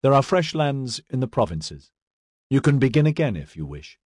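A man's voice: medium pitch, big pitch swings, normal speed, a little mellow, breathy edge, dry recording, clean studio sound, voice pushed up. A man reading the part of a resolute young male leader who speaks firmly and briefly.

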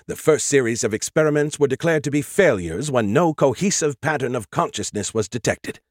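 Man doing a smug male AI, sarcastic, lecturing, lively swooping delivery, dry close sound. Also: medium pitch, a little fast, no echo, lightly acted. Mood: explaining. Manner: condescending, lecturing. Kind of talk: audiobook character voice.

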